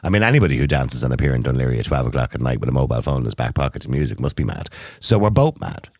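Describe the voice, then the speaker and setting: Deep-voiced Irish man, lively radio host. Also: very fast, husky, dry recording, clean studio sound. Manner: animated, chatty, laughs often. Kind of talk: casual radio chat.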